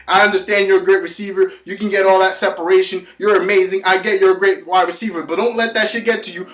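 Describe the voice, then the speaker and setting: Dude with a high voice going off on a sweary sports rant, echoey room, faint music behind. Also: male voice. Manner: profane, insulting, swears constantly; rapid, forceful delivery with emphatic repetitions. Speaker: sports vlogger. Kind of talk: heated solo rant.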